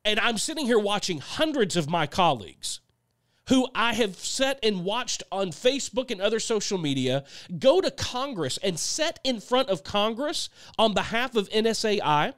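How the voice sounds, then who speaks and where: A man hosts his own podcast in a blunt, sarcastic rant, swearing freely as he goes. His fairly high voice swoops up and down with a lot of life. It sits close to the microphone in a dry, dead room. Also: very animated, normal speed, fairly bright tone, no echo. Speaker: podcast host and songwriter. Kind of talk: casual opinionated monologue.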